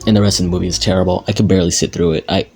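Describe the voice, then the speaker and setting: A man's voice: low-pitched, fairly even intonation, very fast, a little mellow, faint music behind. A young man giving a casual, rambling movie review with lots of fillers and restarts. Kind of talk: casual spoken film review.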